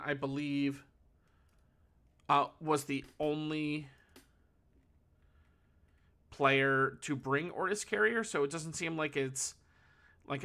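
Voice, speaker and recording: Bright-voiced man casting a card game. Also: fairly high pitch. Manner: analytical, thinking aloud and correcting himself. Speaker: tournament caster. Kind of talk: solo play-by-play card game commentary.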